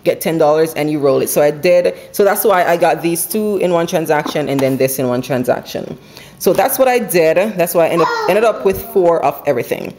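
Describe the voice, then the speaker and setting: A woman chatting casually at home about her couponing haul, running through prices quickly and laughing now and then. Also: sits low, animated, a little mellow, slight background noise. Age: adult with school-age kids. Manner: chatty, quick, runs numbers aloud, laughs often. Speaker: couponing vlogger. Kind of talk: casual haul video chat. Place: home, indoors.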